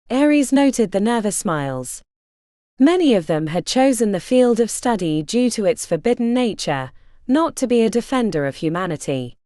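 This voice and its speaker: A woman narrating a fantasy audiobook in a steady, expressive reading. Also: a little high, moderate pace, no echo, clean studio sound.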